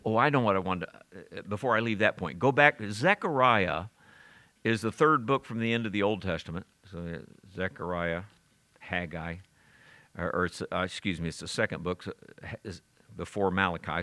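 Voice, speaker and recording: A man's voice: on the low side, sharp tone. A man teaching the Bible verse by verse, talking conversationally and asking his listeners questions as he goes. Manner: conversational, with frequent restarts and audience questions.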